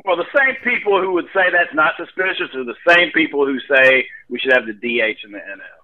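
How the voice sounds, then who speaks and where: A man chatting on a comedy podcast in a bright, higher voice that swings widely in pitch. He is animated and laughs often. The sound is dull and lo-fi. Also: brisk. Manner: animated, laughing, jumps into loud mock voices. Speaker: podcast co-host. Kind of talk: casual comedic podcast banter.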